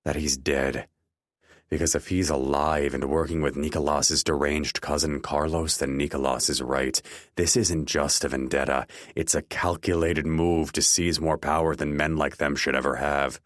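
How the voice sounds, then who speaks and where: Male audiobook narrator, extremely deep voice, dry booth sound, grim and controlled. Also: little pitch movement, moderate pace, dry recording. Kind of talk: first-person audiobook narration.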